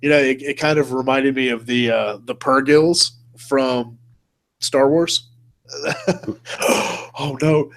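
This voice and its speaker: A man's voice: mid-range voice, steady tone, slow pace, creaky, long pauses. A man hosting a casual live-stream chat. He talks in a laid-back way, laughs often and keeps saying "man" and "dude". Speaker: host.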